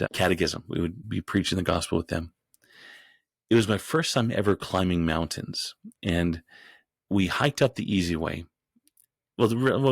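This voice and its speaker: A deep-voiced man with a gravelly edge tells his story as a podcast guest. He rambles, doubles back, and restarts his sentences. He gets more animated as the story builds, and the sound is dry with no room around it. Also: dry recording. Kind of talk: storytelling in an interview.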